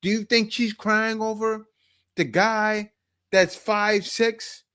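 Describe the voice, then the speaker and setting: A man's voice: high-pitched, level tone, slow pace, sharp tone, smooth. A man giving reaction commentary to viewers, emphatic and repetitive, speaking straight to the audience.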